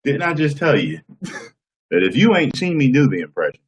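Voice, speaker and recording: A man's voice: medium pitch, big pitch swings, moderate pace, slight background noise. A man chatting casually with his live-stream viewers, reading their names and laughing often. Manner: laughs often, answers chat by name.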